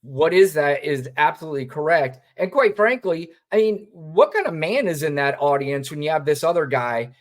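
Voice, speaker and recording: A man's voice: a little high, lively intonation, normal speed, hardly any pauses. A man co-hosting a political podcast, talking bluntly and sarcastically with frequent profanity. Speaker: podcast co-host. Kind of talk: political commentary chat.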